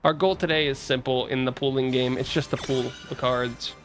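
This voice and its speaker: A young man from the US East Coast hosts a laid-back livestream, chatting, greeting viewers, and reading their messages. He speaks at normal speed in a mid-range, fairly bright voice with fairly even intonation, over faint music.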